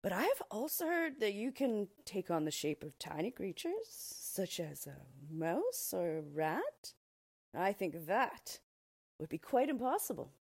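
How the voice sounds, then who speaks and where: A scheming talking cat from a storybook, coaxing one moment and menacing the next, as a woman reading aloud puts it on. The voice is husky and lively, rising high when it wheedles. It sounds close and dry. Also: moderate pace, no echo. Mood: sly. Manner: coaxing, threatening, flattering.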